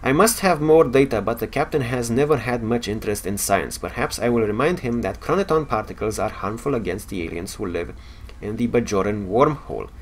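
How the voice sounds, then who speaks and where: A man with a Romanian accent reading the log of a curious male science officer in a space game, measured with small stumbles. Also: mid-range voice, lively intonation, natural voice.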